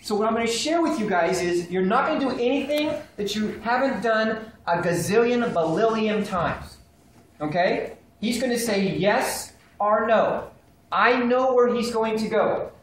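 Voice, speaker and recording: An animated man runs a live training session, throwing questions at the room and acting out phone calls. His voice bounces around a very reverberant hall, with faint background ambience underneath. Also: high voice, moderate pace, slight background noise. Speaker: sales trainer. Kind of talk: live seminar teaching. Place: seminar room with a live audience.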